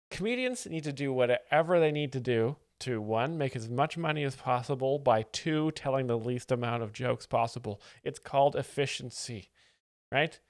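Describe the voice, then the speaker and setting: Deadpan man hosting a comedy stream. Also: medium pitch, dry recording, studio quality. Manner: deadpan ironic asides. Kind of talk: satirical live-stream commentary.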